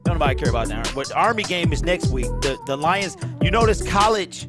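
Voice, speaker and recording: A man's voice: fairly high pitch, very animated, fast. A man hosting a live-stream watch party, chatting casually and joking with viewers by name. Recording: loud hip hop music playing over voice.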